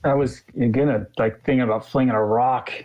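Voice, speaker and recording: A man's voice: mid-range voice, steady tone, normal speed, a little mellow, dull audio. A man playing in a tabletop game, thinking aloud in a tentative way. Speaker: player. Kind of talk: casual chat during a tabletop game.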